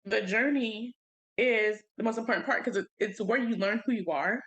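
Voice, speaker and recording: A woman's voice: on the high side, moderate pace, a bit bright, husky. A young woman co-hosting a casual podcast chat, earnest and emphatic, with casual slang. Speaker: podcast co-host.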